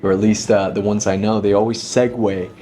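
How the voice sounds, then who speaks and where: A man's voice: on the low side, little pitch movement, brisk, mellow, faint music behind. A man in his thirties, a magician, talking reflectively as an interview guest, with frequent restarts. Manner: thoughtful, many restarts, leans on 'inevitably'. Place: dinner table.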